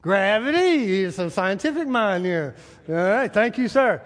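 Pastor guy preaching, high voice, lots of reverb, jumps around acting out little bits and quizzing the crowd. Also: measured pace. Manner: animated, asks the crowd, acts out little scenes. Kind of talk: sermon. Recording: hall reverb.

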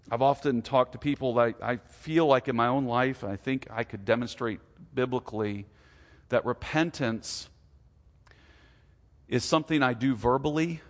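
A man in his forties preaching a sermon as a pastor, earnest and confessional, his pitch and volume rising and falling widely. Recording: long hall reverb.

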